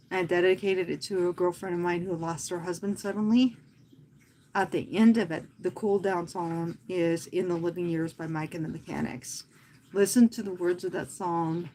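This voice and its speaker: Earnest woman talking softly on a livestream. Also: lowish voice. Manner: earnest and heartfelt, speaking softly and slowly with pauses. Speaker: fitness instructor and livestream host. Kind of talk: casual livestream talk.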